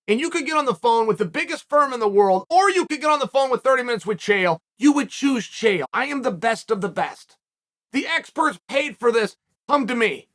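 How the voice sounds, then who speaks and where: A podcast host delivers a loud, cocksure commentary monologue straight to his audience, calling them "guys." His voice is very high for a man, bright and forceful, and he hammers home every point with brash confidence.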